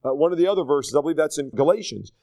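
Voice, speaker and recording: Pastor type, male, fairly high voice, earnest conversational Bible teacher who fills pauses as he thinks. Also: animated, warm tone. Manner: earnest, plain-spoken, with many fillers and restarts.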